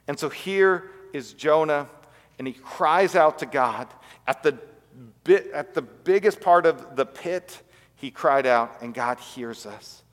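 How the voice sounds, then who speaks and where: A man preaching a sermon as pastor, telling stories earnestly and dropping to quiet emphasis. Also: medium pitch, measured pace, long reverb tail.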